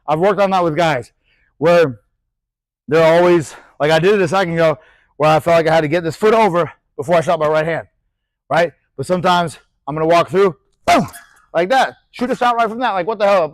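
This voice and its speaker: A middle-aged male boxing coach talks through technique in a casual, animated way, his fairly high voice close and dry. He swears lightly, throws in sharp punch noises, and keeps asking "right?" as he goes. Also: dry recording, poor audio. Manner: animated, demonstrates punches with shouted sound effects; loose, chatty, swears casually. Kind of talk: casual instructional talk.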